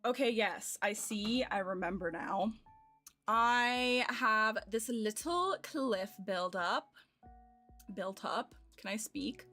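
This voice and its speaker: Playing a game on stream, an American woman in her twenties thinks aloud in casual chat punctuated by giggles. She talks slowly with a medium pitch, and gentle game music plays underneath.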